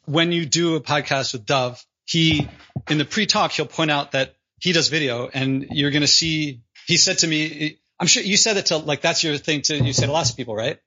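A man's voice: on the high side, moderate pace, bright, forceful tone, muffled recording. A man hosting a podcast over a video call, chatting casually and rambling with restarts. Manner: rambling, self-interrupting. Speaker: podcast host. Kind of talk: casual interview chat.

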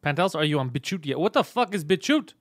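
A brash man riffs through a casual comedy podcast, cursing and teasing his co-host. He talks at a quick clip into a close mic. The sound is dry, with no room around it. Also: fairly high pitch, big pitch swings, dry recording. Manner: brash, fast, profane joking.

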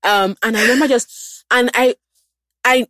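A woman's voice: fairly high pitch, fairly even intonation, normal speed, fairly bright tone, no echo. A woman in casual chat, telling stories and acting out what she said back then. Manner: chatty, laughs, acts out her own past words.

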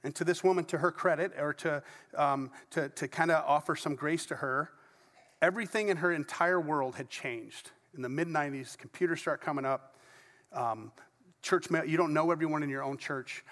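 A man's voice: on the high side, normal speed, a bit bright. Middle-aged male pastor, casual story-led sermon with asides, recorded in a reverberant church. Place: church sanctuary before a congregation. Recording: long reverb of a large church hall.

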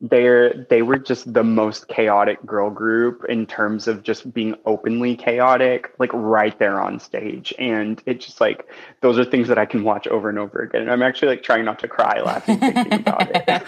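A man's voice: lowish voice, flat delivery, normal speed, few pauses, lo-fi sound. A man talking as a podcast guest in casual chat, chatty and full of restarts. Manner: chatty, many likes and restarts.

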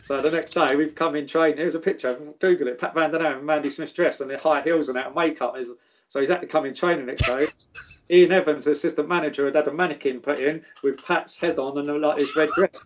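A man's voice: a little high, steady tone, fast, a little hiss or hum. A man, a former footballer telling stories in casual chat, swearing freely and calling people mate. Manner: laddish, swears freely, says mate and geezer.

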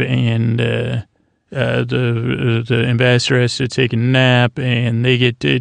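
A man hosting a sleep podcast, recapping an episode in a low-key, rambling way, full of fillers and restarts. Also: creaky, dry recording. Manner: low-key, drowsy delivery. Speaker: podcast host.

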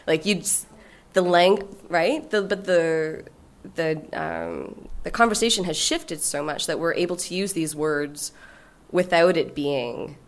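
A woman in her forties speaks as a podcast guest in a candid, conversational way. She is frank and swears freely, laughing as she tells her story. Her voice sits a little low for a woman. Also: a little slow.

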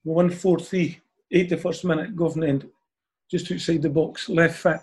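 A man's voice: a little high, fairly even intonation, normal speed, a little mellow, breathy edge. An older man with a Scottish accent, an interview guest telling anecdotes in a chatty way and ending phrases with a questioning "eh?". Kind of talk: anecdotal storytelling.

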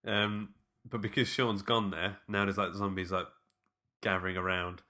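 Guy, low voice but bright and clear, chatty film recap, laughs a lot. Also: normal speed. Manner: relaxed, laughs often, retells scenes with quoted lines. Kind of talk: casual film discussion.

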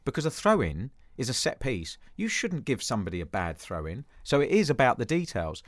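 A man's voice: mid-range voice, big pitch swings, a little fast, no echo. A man in his fifties from Jersey, a former footballer being interviewed, talking thoughtfully with restarts and dry self-deprecating humour. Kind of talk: reflective conversational interview.

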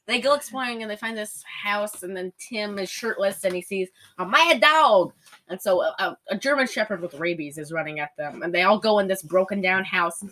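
A woman's voice: medium pitch, moderate pace, pushed and bright. A woman recapping a movie in casual chat, rambling and giggling with sarcastic asides. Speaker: podcast co-host recapping a movie.

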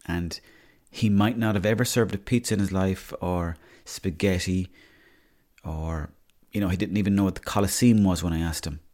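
A man's voice: low voice, steady tone, normal speed, darkish tone. A young Irish man hosting a podcast, telling rambling, sweary comic stories. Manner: swears freely, storytelling. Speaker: podcast host.

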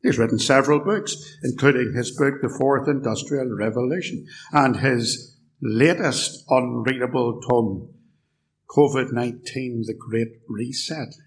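A man's voice: mid-range voice, unhurried, slight background noise, rough recording. Sardonic man giving a church lecture. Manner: sardonic, rhetorical questions. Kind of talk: live lecture. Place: church hall.

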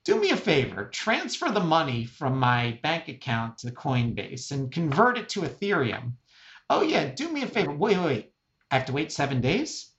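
A man's voice: a little high, wildly swooping pitch, moderate pace, a bit bright, dull audio, heavily acted. A man impersonating his fussy eighty-year-old mother on the phone, giving orders and fretting about each new step. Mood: bossy, fretful.

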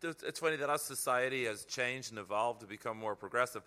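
Bright-voiced man comedian. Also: mid-range voice, fast. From Ireland. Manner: storytelling, reflective. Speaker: comedian guest. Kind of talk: casual chat.

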